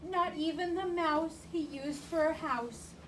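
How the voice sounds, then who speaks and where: High-voiced woman reading a picture book. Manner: slow, sing-song, asks the child questions. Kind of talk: read-aloud storytelling. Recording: distant mic with clear background noise.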